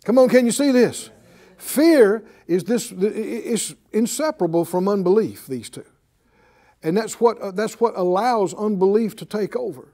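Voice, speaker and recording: A man preaching in a classroom style, his voice pitched high and swinging widely. He drives each point hard and keeps asking the class to answer back. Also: animated, normal speed, dark tone. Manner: emphatic, calls for responses from the class. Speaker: Bible teacher.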